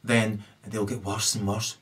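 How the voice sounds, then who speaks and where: A man's voice: lowish voice, flat delivery, a little slow, a bit bright. A man ranting alone to camera, who keeps tagging "right?" onto his sentences. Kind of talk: rambling solo rant to camera. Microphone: camera mic.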